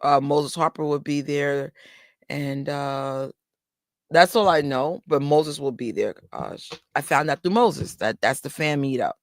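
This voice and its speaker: A woman vlogger talks straight to her viewers in a loose, rambling chat, piling on fillers and side stories as she goes. Her voice sits a little low for a woman. The sound is close and dry, with no room around it. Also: a little slow, no room sound. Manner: chatty, rambling storytelling with many fillers. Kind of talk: casual livestream chat. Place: indoors under a bright light.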